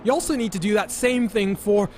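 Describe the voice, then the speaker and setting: A man calling live sim racing as lead commentator, with energetic play-by-play that he hands over to his co-commentators. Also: high-pitched, fairly quick, a little hiss or hum.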